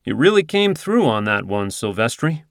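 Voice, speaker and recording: A man's voice: medium pitch, very animated, moderate pace, gravelly, a bit bright, no echo. Man narrating a story, dry sound. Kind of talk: scripted first-person narration.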